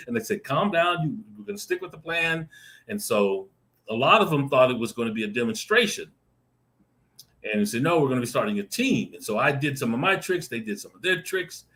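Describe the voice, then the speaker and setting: A man on a video call telling a lively personal story, acting out the voices in it and laughing often. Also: medium pitch, moderate pace. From Arizona. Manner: animated, acts out voices in his stories, laughs often. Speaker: guest storyteller. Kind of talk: casual anecdote telling.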